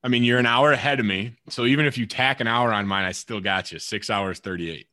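A man's voice: mid-range voice, fairly quick, pushed and bright, dry recording. A young man co-hosting a podcast in casual chat, rambling with lots of "like" and "literally". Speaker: podcast co-host, pro baseball player.

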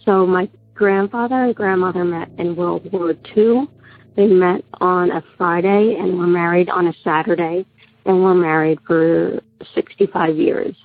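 A woman caller who is sick and raspy, telling a personal story in a steady way with pauses and fillers. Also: fairly low pitch, no room sound. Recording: tinny phone line.

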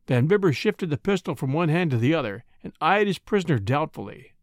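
A man reading a classic story aloud in a measured, storytelling way. His voice sits a little high and moves through a lively range. The recording is close and completely dry. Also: no room sound. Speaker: audiobook narrator. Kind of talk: expressive scripted narration of a classic story.

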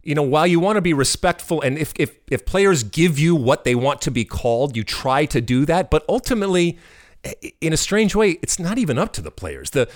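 A middle-aged man co-hosting a soccer podcast in casual chat, talking in animated bursts and often repeating words. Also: on the high side, a little fast. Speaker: podcast co-host.

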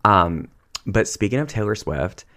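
Low-voiced chatty male therapist. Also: lively intonation, a little slow, sharp tone. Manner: chatty storyteller, heavy use of "like". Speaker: therapist and podcast co-host. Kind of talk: casual podcast chat.

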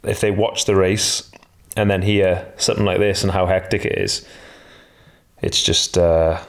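A man's voice: low-pitched, steady tone, measured pace, vocal fry. A male podcast co-host giving enthusiastic opinions on cycling in a casual chat.

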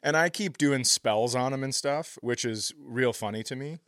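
A man's voice: mid-range voice, normal speed, no room sound, clean studio sound. Rambling male comedy podcast host. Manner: rambling storyteller, drops into loud impressions. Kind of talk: casual comedy podcast chat.

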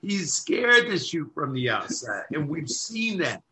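A man co-hosting a podcast, talking basketball in a casual, emphatic way that turns loud and lively when he argues a point. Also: on the high side, measured pace. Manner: emphatic, gets loud and animated when arguing. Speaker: podcast co-host. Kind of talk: casual sports talk.

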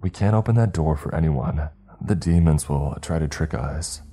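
A man's voice: extremely low pitch, warm tone, soft background music. A man voicing a firm frightened young woman. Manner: firm, quick.

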